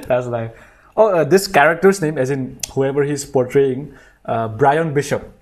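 A man's voice: mid-range voice, unhurried. Amused man laughing through reactions. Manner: laughs often, amused, repeats lines back. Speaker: video reactor. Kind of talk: casual reaction commentary.

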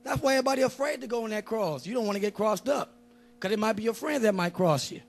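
High-voiced joking preacher. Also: male voice, fast talker, creaky. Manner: animated, joking, conversational street-style preaching. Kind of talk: lively sermon.

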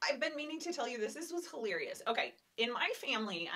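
A woman's voice: high voice, sing-song, quick pace, bright, forceful tone. A woman vlogger telling a funny story to the camera in a chatty, laughing way. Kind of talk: casual chat to camera.

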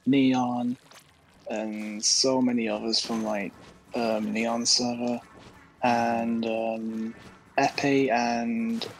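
A man's voice: medium pitch, very slow, a little hiss or hum, rough recording. A British man chatting casually during a game, who often repeats his words as he gets going. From United Kingdom. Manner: stammering, repeats words when excited. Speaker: guest gamer. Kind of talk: casual chat while gaming.

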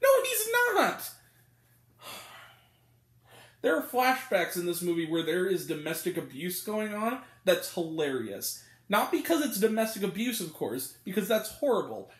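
Male movie reviewer, high and very expressive voice, rambling and self-correcting. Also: moderate pace. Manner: animated, rambling, stumbles over names and laughs. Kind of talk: casual spoken movie review. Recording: roomy echo.

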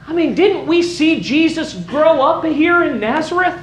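A man preaching a sermon to his congregation, animated and rising to shouts for emphasis. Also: very high-pitched, measured pace, hardly any pauses. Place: church sanctuary. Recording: roomy church sound.

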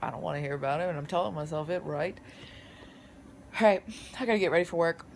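A woman chatting casually to her phone camera from bed, with playful shouts and sudden loud bursts. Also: sits low, fast talker, creaky, a little hiss or hum. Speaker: vlogger. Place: lying in bed at home.

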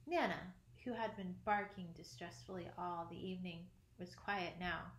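A woman's voice: on the low side, measured pace, a bit bright. Woman reading a storybook aloud. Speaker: narrator. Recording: echoey room, faint ambience.

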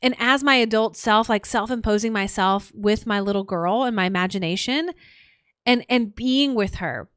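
Earnest woman podcast host, smooth voice. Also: mid-range voice, moderate pace, dry recording, clean studio sound. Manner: earnest, repeats phrases in lists, frequent "like" fillers. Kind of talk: solo reflective podcast talk.

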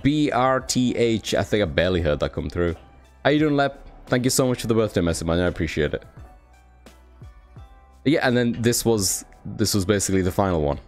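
With faint music behind him, a young British man speaks fairly quickly in a lowish voice with lively intonation. He chats casually on his live stream, reading chat aloud, thanking viewers, and swearing now and then.

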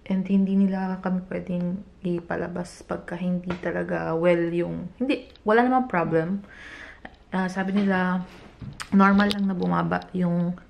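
A young woman from the Philippines with a Filipino accent, a new mother talking softly and emotionally in a casual vlog from a hospital room, sometimes close to a whisper. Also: fairly low pitch, steady tone, normal speed, vocal fry. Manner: soft, tired, emotional, often near a whisper. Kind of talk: casual vlog talk, mixing Tagalog and English.

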